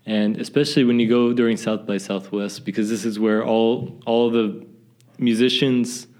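A man's voice: medium pitch, normal speed. A man from the American South with a faint American accent, chatting casually and rambling, with frequent laughs. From southern United States. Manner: relaxed, rambling, laughs often. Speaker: English teacher at a school. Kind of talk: casual chat.

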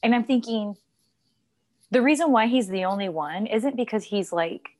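Woman cohosting a chatty podcast, animated storyteller, reads out messages. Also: on the high side, normal speed. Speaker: podcast co-host. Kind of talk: casual chat.

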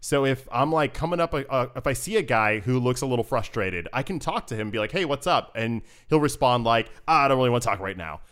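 A man co-hosting a casual chat about video games, lively and quick to laugh, acting out little quotes as he talks. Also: medium pitch, smooth. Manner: animated, laughs often, acts out quotes. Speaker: podcast co-host.

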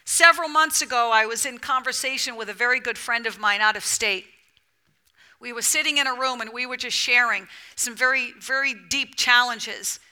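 A woman preaching a sermon to a women's gathering, animated, swinging between loud emphatic bursts and soft near-whispered lines. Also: a little high, moderate pace, clear, resonant tone.

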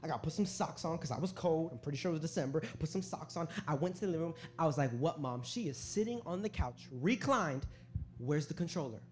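A man's voice: fairly high pitch, expressive, quick pace, few pauses. A young man preaching a sermon in a church, joking with the crowd and telling stories in casual slang. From Hispanic family in the US. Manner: hype-man calls to the crowd, jokey; conversational, slangy storytelling. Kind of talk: sermon with prayer and storytelling. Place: church sanctuary.

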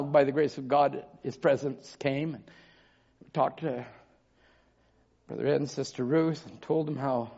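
Gravelly-voiced man preaching testimony. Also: on the high side. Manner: builds from quiet storytelling to shouted preaching. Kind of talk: sermon testimony. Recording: dull lo-fi recording.

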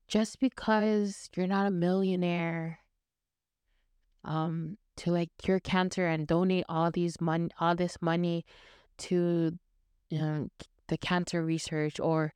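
Woman, podcast host, casual chatty faith talk, smooth lowish voice, dry close sound. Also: a little mellow, dry recording. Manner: chatty, rambling with fillers.

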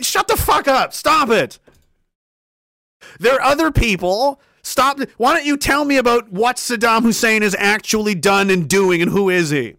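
A man's voice: extremely high pitch, creaky, sharp tone, dry recording, studio quality. A young man ranting sarcastically and profanely, reading out chat messages as a streamer, often laughing. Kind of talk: ranting commentary.

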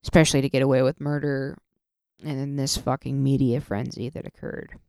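Woman, podcast host, solo rant, profane, halting restarts, gravelly fry, dry studio sound. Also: a bass voice, flat delivery, warm tone, no room sound.

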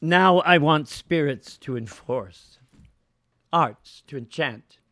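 An aging sorcerer pleads for his freedom in a slow, swelling, declamatory voice, as a man recites him on stage. The tone is gravelly, and the verse rolls out in grand theatrical measures. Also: fairly high pitch, animated, no echo, studio quality, voice pushed up, heavily acted. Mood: solemn pleading. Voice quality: slow, loud, declamatory delivery. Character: aging male sorcerer begging release.

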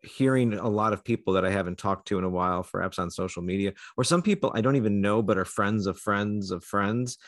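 A man's voice: fairly low pitch, brisk, hardly any pauses, dry recording, studio quality. A man co-hosting a podcast, talking casually and hesitantly with many fillers. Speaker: podcast co-host.

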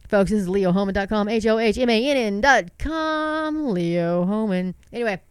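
A woman's voice: medium pitch, normal speed, clean tone, no echo. A middle-aged woman hosting an online commentary show, congested from a sinus cold, reading news aloud with preachy fervor and asking her viewers rhetorical questions.

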